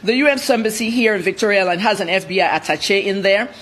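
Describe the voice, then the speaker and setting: A woman journalist from Nigeria, a guest on a TV interview, telling her story in a blunt, rapid-fire way. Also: mid-range voice, a bit bright, a little hiss or hum. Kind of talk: TV interview commentary.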